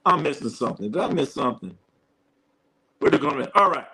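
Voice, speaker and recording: Animated Bay Area man streaming sports talk. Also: fairly high pitch, brisk, long pauses. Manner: animated, joking, reads chat comments aloud. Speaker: sports show host.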